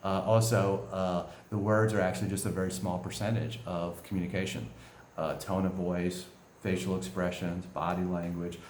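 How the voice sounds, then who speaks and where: A man with a very low voice teaches in an easygoing way, often ending his points with a quick "right?" He sounds like a coach giving a talk. The recording has a roomy echo. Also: flat delivery, a little mellow, a little hiss or hum. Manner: conversational, keeps asking "right?".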